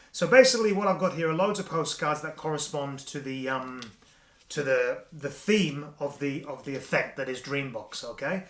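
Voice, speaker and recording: A man's voice: mid-range voice, fairly bright tone. An Australian man reviewing a magic trick, chatty and self-deprecating, slipping into a livelier patter voice when he performs. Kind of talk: casual product review with demonstration. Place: indoor room, alone at camera. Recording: echoey room.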